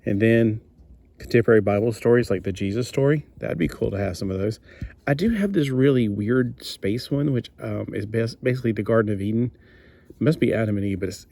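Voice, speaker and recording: Enthusiastic low-voiced comic reviewer. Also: male voice, gravelly, warm tone, no room sound. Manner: chatty and enthusiastic, many fillers. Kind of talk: casual video review.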